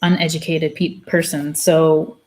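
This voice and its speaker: Reading a book aloud for her channel, this host stops between passages for blunt, opinionated asides. Her voice is low and a little mellow, with a level tone and a slightly slow pace.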